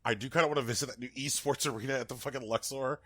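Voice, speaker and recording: A man's voice: mid-range voice, fairly even intonation, very fast, a bit bright, no echo, clean studio sound. A man co-hosting a podcast in casual chat, rambling and laid-back, swearing freely. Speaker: podcast co-host.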